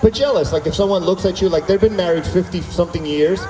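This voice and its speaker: Male stand-up comic, higher voice, booming through an outdoor PA from far off. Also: quick pace. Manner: animated storytelling, acting out dialogue with the crowd. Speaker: stand-up comedian. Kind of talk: stand-up comedy at an outdoor concert. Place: outdoor stage at a summer concert. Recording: echoey outdoor PA sound from far off.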